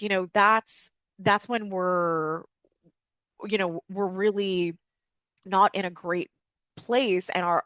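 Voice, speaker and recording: A woman's voice: on the low side, fairly bright tone, no echo. A woman hosting a personal-growth podcast from home, talking candidly with frequent fillers and casual swearing. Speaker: podcast host. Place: home with dogs.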